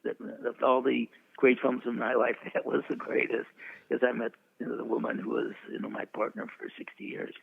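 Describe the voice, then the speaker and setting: Heard through a thin, phone-like connection, an interview guest in his eighties, a veteran publicist, rambles through show-business stories while chuckling. His voice is very gravelly with heavy fry, and he talks a little fast in a flat way.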